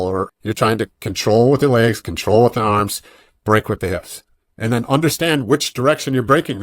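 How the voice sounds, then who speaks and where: Being interviewed on a podcast, a jiu-jitsu coach chats casually in a mid-range voice with no echo. He tells animated stories and acts out the voices of the people he quotes.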